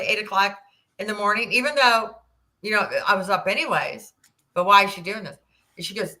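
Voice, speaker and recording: Bright-voiced woman in her sixties telling her story. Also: medium pitch, brisk. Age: 60s. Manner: animated, acts out quoted dialogue, rambling restarts. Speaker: podcast guest. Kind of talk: personal storytelling in an interview.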